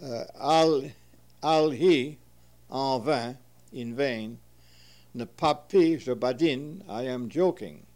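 A man slowly reading entries from an old dictionary aloud and translating them, pausing between each term. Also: medium pitch, a little mellow. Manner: measured, deliberate, pauses between terms. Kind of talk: slow reading of word lists with translations.

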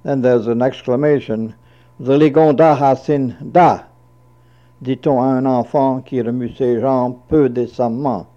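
A man slowly reading through a word list, giving each entry and its translation, sometimes repeating a word. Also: mid-range voice, steady tone, dark tone. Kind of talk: slow dictionary reading with translations. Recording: dull lo-fi recording.

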